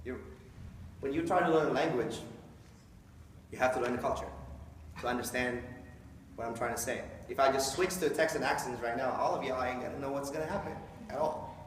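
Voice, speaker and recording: Man, mid pitch, conversational speaker who acts out quotes; far off in a reverberant hall. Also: a little fast, long pauses, a little hiss or hum. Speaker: speaker explaining Islam to an audience. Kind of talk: informal talk to a live audience. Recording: echoey hall from a distant mic.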